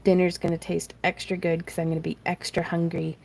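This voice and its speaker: Woman, low gravelly voice, mellow tone, chatty live-stream craft host, rambling and self-deprecating. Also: completely flat delivery, brisk. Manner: rambling and self-deprecating, laughs often, reads chat aloud. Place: home craft room.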